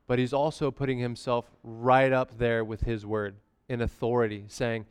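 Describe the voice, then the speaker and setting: A man's voice: medium pitch, little pitch movement, moderate pace, hardly any pauses, clean tone. Laid-back young man preaching casually. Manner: conversational, slangy preaching with frequent "amen?" asides. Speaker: pastor. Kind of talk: casual sermon.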